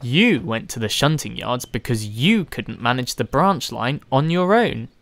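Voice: medium pitch, sing-song, a bit bright, no echo. Narrator doing a stern lecturing diesel engine. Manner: lecturing, measured.

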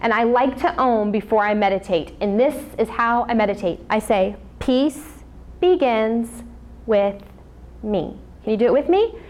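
Brief: woman kids yoga teacher, upbeat and coaxing, slightly high voice. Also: animated, fast talker, hardly any pauses. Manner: upbeat, coaxing, talks to children. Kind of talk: guided kids yoga class.

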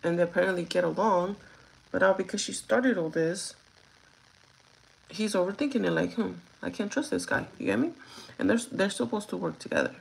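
A woman's voice: fairly low pitch, lively intonation, a little fast, creaky, long pauses, breathy edge, low-quality recording. A woman chatting casually on a live stream, ranting with plenty of swearing.

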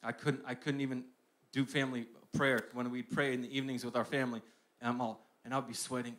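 A young man preaching a sermon, shifting between hushed personal storytelling and loud, emphatic declarations with lots of repetition. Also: mid-range voice, level tone, fast talker.

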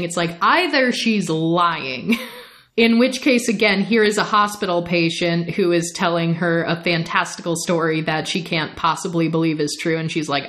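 Woman, podcast co-host, casual talker, acts out characters mid-story, laughs a lot. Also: mid-range voice. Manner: animated retelling, acting out characters in quick voices; laughs often. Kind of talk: casual book discussion.

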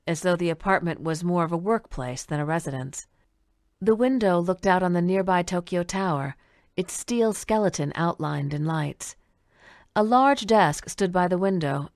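Calm woman reading a story. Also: fairly low pitch, no room sound, studio quality. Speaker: narrator. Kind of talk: audiobook reading.

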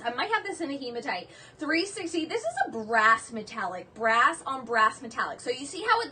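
Excitable high-voiced woman selling jewelry live. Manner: excitable, chatty, gushing. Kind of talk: live sales stream. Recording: distant mic with faint background noise.

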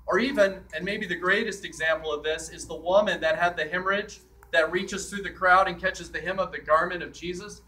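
Man, priest, sermon, high voice, conversational, quoting scripture with feeling, heard from a distant mic. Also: steady tone, fairly quick, hardly any pauses, pushed and bright, slight background noise. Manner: conversational, acts out scripture quotes. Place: church.

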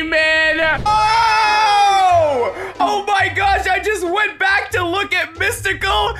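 A man giving excitable live gameplay commentary as a gaming YouTuber, often breaking into yelps and shouts. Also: very high voice.

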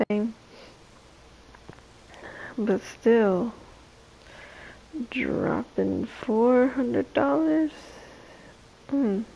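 Late at night on a livestream, a young woman chats casually, sleepy and slow, her voice low and gravelly tonight. The tone is warm, though the audio sounds dull.

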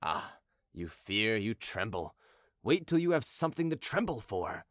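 A man voicing a shouting warrior king. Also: fairly high pitch, very animated, fairly quick, no echo, clean studio sound, pitched above the performer's own voice. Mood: commanding. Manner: cries out commands, swears oaths. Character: king Henry of Navarre, brave but trembling.

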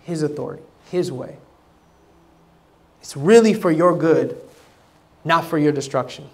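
A pastor preaches a sermon in a high voice, animated, casual and unhurried. He acts out the voices of the people he quotes and swings between loud bursts and quiet, low asides.

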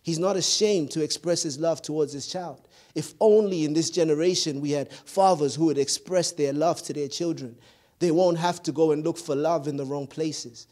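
A man's voice: on the high side, normal speed, mellow. A man preaching a sermon as pastor, with a repetitive, emphatic cadence and occasional stumbles over words. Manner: stumbles and repeats words when searching.

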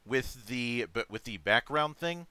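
A man in casual discussion, talking haltingly and restarting often. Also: mid-range voice, lively intonation, pushed and bright, clean tone, no room sound. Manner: halting, frequent restarts and fillers.

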